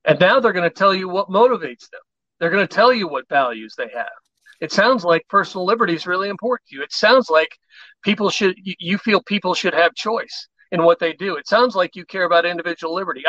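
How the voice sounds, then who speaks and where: High, bright-voiced man explaining conversation tactics. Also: a little fast, no room sound, muffled recording. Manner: animated storyteller, acts out quoted exchanges. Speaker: podcast guest. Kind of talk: conversational advice on persuasion.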